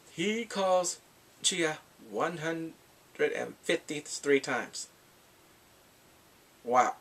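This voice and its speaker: A man giving a casual, animated recap of a drama, acting out the characters' lines in sudden squeals. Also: on the high side, slow, vocal fry, pauses often, husky. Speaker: drama reviewer.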